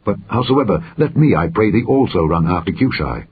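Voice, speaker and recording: A man's voice: low-pitched, expressive, a little fast, slightly rough, exaggerated voice. A man voicing an eager young messenger who pleads to carry news, in a dull, lo-fi recording. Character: eager young male runner bearing news.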